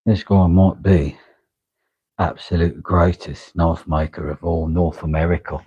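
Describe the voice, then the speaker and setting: A knife maker and channel host forges a blade in his workshop, chatting playfully to the camera and mumbling to himself through a face mask. His voice is low, mellow and breathy with fairly even intonation and a measured pace. The dull lo-fi audio has no room sound.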